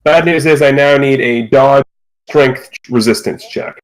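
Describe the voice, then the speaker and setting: A man serves as game master for a tabletop game played over a voice call. He walks through rolls and rules in a relaxed, level voice at an average pitch, now and then slipping in playful asides. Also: unhurried, poor audio.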